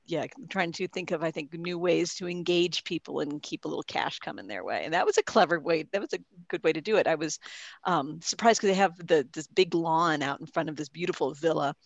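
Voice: medium pitch, fairly quick, vocal fry, no room sound. A podcast co-host in a casual chat, rambling and laughing often.

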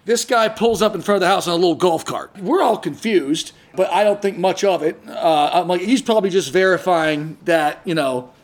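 A man hosting a podcast, telling a long story in a casual, animated way, acting out the people he quotes and often restarting his sentences. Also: sits high, normal speed, few pauses. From San Diego area. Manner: animated, acts out quoted voices, frequent restarts. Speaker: podcast host.

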